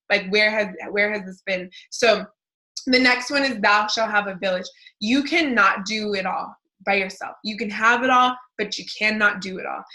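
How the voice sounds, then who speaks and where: A woman's voice: medium pitch, sharp tone, poor audio. A woman in her thirties giving a casual motivational talk as a life coach, chatty with many fillers and restarts.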